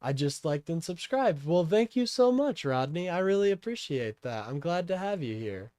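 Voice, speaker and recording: A man's voice: a little high, very animated, moderate pace, a little mellow, no room sound. A young man from Kansas hosting a casual political livestream, rambling with lots of fillers as he talks to his chat. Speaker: livestream host.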